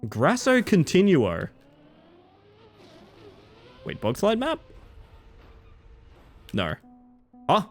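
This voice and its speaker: Casting: Australian male streamer, lively pitch, chatty and profane, faint music underneath. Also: very slow, pauses often. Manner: chatty, swears, chants silly words while playing. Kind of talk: casual live-stream gaming commentary.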